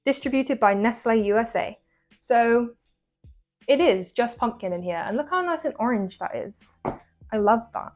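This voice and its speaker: A woman's voice: fairly high pitch, a little slow, faint music behind. A young English woman chatting casually to viewers while she bakes in her home kitchen, joking at her own expense. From England. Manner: chatty, self-mocking, talks to viewers. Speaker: baking vlogger. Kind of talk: casual chat while baking.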